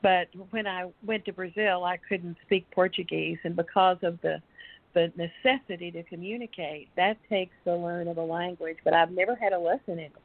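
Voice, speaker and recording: A woman's voice: lowish voice, steady tone, normal speed, no echo. An older woman with a Texas accent, a guest on a talk show, chatting in a rambling way and laughing often. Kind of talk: casual chat on a radio talk show. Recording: tinny phone line.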